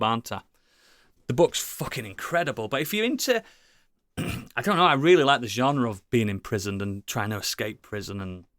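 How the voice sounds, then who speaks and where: A man chatting casually as a podcast co-host, rambling and enthusiastic, swearing often and filling pauses with ums and likes. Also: mid-range voice, a bit bright, dry recording, clean studio sound. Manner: rambling, enthusiastic, swears a lot, many fillers. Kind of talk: casual chat.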